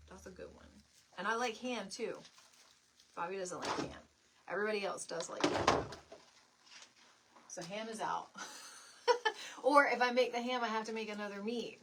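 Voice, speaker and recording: A woman's voice: medium pitch, a bit bright, slight background noise. A middle-aged woman hosting a live home-decor stream, chatting in a rambling, friendly way and answering viewer comments as she works. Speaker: DIY live stream host. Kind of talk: casual chat while crafting on a live stream. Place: home craft space, indoors.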